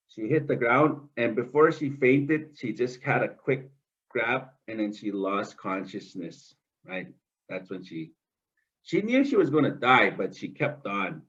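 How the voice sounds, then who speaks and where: A man's voice: mid-range voice, slightly rough. A man telling a traditional story to students in a school, conversational and full of asides. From Canada. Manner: lively, conversational, many asides. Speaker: oral storyteller. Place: school classroom. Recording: dull lo-fi recording.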